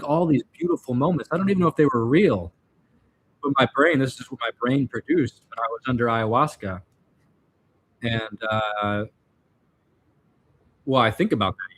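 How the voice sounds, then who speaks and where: A man vlogging, telling personal stories in a rambling, reflective way, full of fillers and restarts. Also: medium pitch. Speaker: vlogger answering viewer questions. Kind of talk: casual storytelling monologue.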